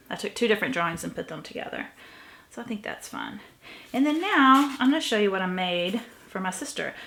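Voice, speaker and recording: A woman's voice: fairly low pitch, gravelly. A middle-aged woman chatting casually as she walks through a craft tutorial, a little sniffly from allergies. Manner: chatty, relaxed, thinking aloud. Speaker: craft vlogger.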